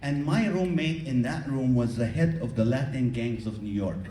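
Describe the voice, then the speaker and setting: A man doing stand-up comedy, teasing the audience in an animated way, recorded live from the crowd. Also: mid-range voice, moderate pace, far from the mic, slight background noise. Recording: echoey hall taped from the audience. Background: audience laughter.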